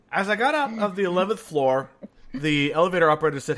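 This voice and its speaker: A man's voice: fairly high pitch, lively intonation, quick pace, a bit bright. A man hosting a podcast, telling jokes in casual chat and laughing at his own punchlines. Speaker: podcast host.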